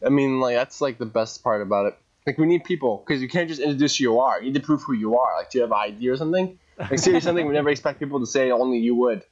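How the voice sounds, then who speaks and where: A man co-hosting a podcast in casual chat, excitable and rambling, with lots of "like". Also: medium pitch, rapid-fire, dull audio. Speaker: podcast co-host.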